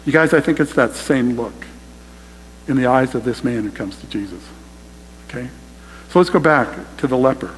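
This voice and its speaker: A man's voice: mid-range voice, moderate pace, long pauses, long reverb tail, slight background noise, low-quality recording. A man preaching a sermon to his congregation, emphatic and direct, often calling them "you guys". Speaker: pastor. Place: church sanctuary.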